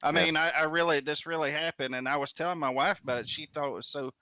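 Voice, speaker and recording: A man's voice: a little high, fairly even intonation, fast talker, bright, forceful tone, no room sound. A man co-hosting a casual podcast, telling a personal story in a chatty, rambling way. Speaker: podcast co-host. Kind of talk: casual chat.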